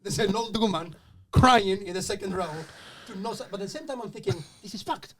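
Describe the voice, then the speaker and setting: A man telling a comedy gig story on a podcast, animated and swearing as he acts out the people in it. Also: sits high, fast talker, a little hiss or hum. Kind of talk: casual podcast anecdote.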